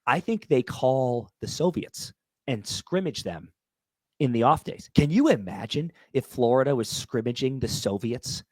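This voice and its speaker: A man's voice: medium pitch, animated, unhurried, a little mellow, no room sound. A young man co-hosting a casual sports podcast, rowdy and joking, swearing and calling his partner dude. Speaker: podcast co-host. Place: podcast studio.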